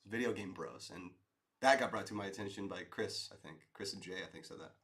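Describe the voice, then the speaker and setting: A man's voice: low-pitched, brisk, a bit bright. Laid-back man chatting with his stream. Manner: laid-back, rambling, says dude and man. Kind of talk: casual chat reading viewer comments.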